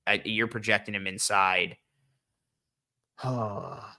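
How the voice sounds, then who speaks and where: Young man, very bright tone, lowish pitch, rambling football chat, many fillers. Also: steady tone, extremely slow, creaky. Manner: rambling, lots of fillers and restarts, hums to himself while thinking. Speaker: podcast host. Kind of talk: casual draft-analysis chat.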